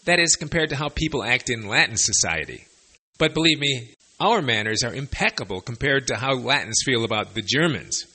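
Male language teacher with a husky, forceful voice and lively delivery; casual, wry, sarcastic asides. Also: mid-range voice, brisk. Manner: lively, chatty explaining. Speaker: Spanish teacher for expats. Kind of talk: conversational language lesson.

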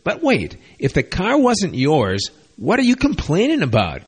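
A man's voice: on the high side, wildly swooping pitch, unhurried, slightly rough, voice pushed up, full character voice. A man quoting a skeptical news reporter who questions a thief.

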